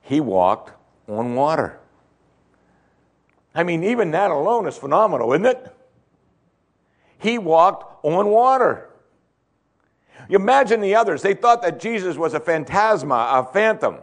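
A man preaching a sermon, swinging between loud emphasis and hushed tones and repeating phrases for effect. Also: on the high side, sing-song, moderate pace. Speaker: pastor.

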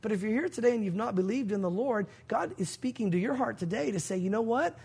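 A man with a very high voice preaches to his congregation. He tells stories and acts out the voices of the people in them. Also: lively intonation, quick pace, creaky, a little mellow, slightly rough. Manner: storytelling, acting out quoted voices. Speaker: pastor. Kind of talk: sermon.

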